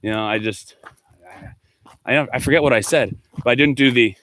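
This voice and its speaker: A man's voice: mid-range voice, fairly quick, sharp tone. A male teacher talking casually to his students, rambling as he answers their comments one by one.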